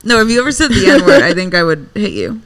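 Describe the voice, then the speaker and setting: A woman co-hosting a comedy podcast, giggly and quick with jokes in casual banter. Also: mid-range voice, sing-song, fairly bright tone. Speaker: podcast co-host.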